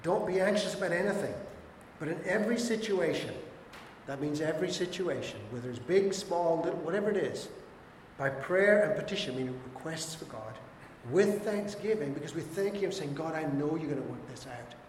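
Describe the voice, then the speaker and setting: A man's voice: on the high side, lively intonation, a little fast, slight background noise. A man preaching a sermon as a pastor, emphatic and exhorting, with repeated short urgings. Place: church hall. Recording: echoey church hall with long reverb.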